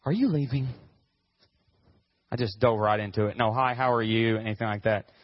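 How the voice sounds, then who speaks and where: A man pastor telling a personal story in a sermon, animated and acting out what people said. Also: lowish voice, fast, highs cut off, slight background noise. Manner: animated, acts out quotes, whoops with excitement.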